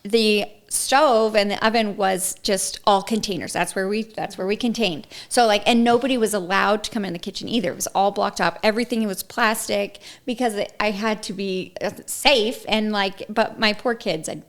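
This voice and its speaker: A woman's voice: medium pitch, fairly even intonation, normal speed, hardly any pauses. A woman guest on a podcast in casual chat, telling stories with animation, acting out quoted dialogue and laughing often. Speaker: podcast guest, small business founder.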